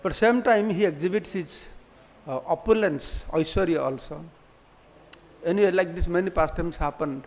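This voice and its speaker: A monk with a high-pitched voice tells devotional stories to his class. He speaks animatedly in simplified English, often breaking into chuckles as he goes. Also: normal speed. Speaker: monk giving a religious class. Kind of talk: storytelling devotional lecture.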